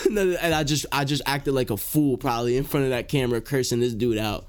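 A young man telling a story in loose, animated slang. He swears freely and leans on "like" and "bro" as he goes. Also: mid-range voice, quick pace, few pauses, smooth. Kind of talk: casual storytelling.

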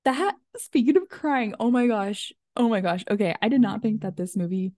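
A woman in her thirties chats on her podcast, with plenty of "um" and "like" as she goes. Her voice is mellow and dark, and the recording is dry with no room sound. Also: on the high side, moderate pace, no room sound. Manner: chatty, full of fillers and "like". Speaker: podcast host. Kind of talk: casual chat.

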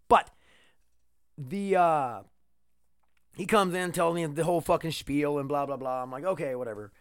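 A man talks through a casual solo podcast in a slightly high voice. He rambles, swears freely and cracks jokes while sore from a recent neck surgery. The sound is dry and close, with no room echo. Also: a bit bright, clear, resonant tone. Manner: rambling, profane, joking. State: in pain after neck surgery, wearing a neck brace. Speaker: podcast host.

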